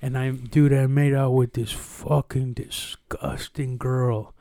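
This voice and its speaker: A man's voice: medium pitch, little pitch movement, slow pace, mellow, dry recording, studio quality. A young man in his twenties, telling crude stories on a casual podcast with lots of slang and laughter. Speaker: podcast co-host. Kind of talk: casual chat.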